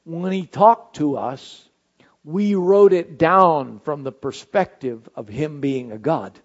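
A man preaching a sermon with a fairly high voice, his delivery rising to ringing shouts and then dropping to near-quiet reflection. The recording is dull and muffled. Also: slow. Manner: dynamic preaching, swings from shouted highs to soft low phrases. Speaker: pastor.

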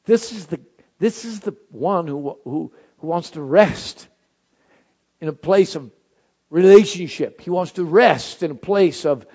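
A man preaching a sermon with a fairly high voice, his delivery rising to ringing shouts and then dropping to near-quiet reflection. The recording is dull and muffled. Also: expressive, unhurried, breathy edge. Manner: dynamic preaching, swings from shouted highs to soft low phrases. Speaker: pastor.

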